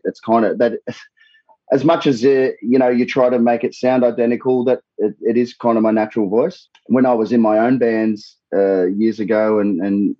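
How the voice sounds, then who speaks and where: Husky Australian man, low voice. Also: no room sound, dull audio. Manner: swears freely, rambles with many restarts. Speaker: tribute band singer, guest. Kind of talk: casual interview chat.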